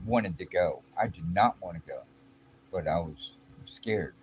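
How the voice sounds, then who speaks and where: A man's voice: sits low, measured pace, a little mellow, low-quality recording. A middle-aged man telling a personal story in a blunt, streetwise, casual way, full of slang and restarts. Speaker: vlogger. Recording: clear background noise.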